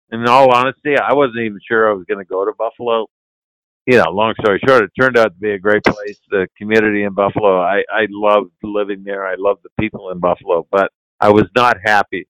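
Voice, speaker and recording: A man's voice: lowish voice, no room sound, low-quality recording. Older man telling a locker-room story. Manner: relaxed, laughs while telling anecdotes, swears casually. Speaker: guest, retired hockey player. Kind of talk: casual storytelling.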